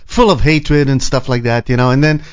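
A man's voice: medium pitch, fairly even intonation, moderate pace, smooth. A man in his forties co-hosting a radio show, chatting casually with a rambling, chuckling manner. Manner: rambling, chuckling, heavy on "you know". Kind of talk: casual on-air banter.

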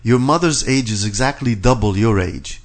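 A man's voice: mid-range voice, normal speed. A man hosting a casual radio talk show, teasing his guests and laughing often.

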